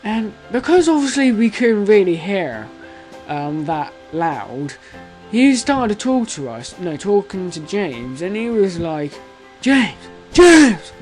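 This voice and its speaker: A young man in his late teens telling a story to camera in a rambling, excitable way, full of fillers, restarts and swearing. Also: high-pitched, measured pace, soft background music, poor audio. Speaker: vlogger.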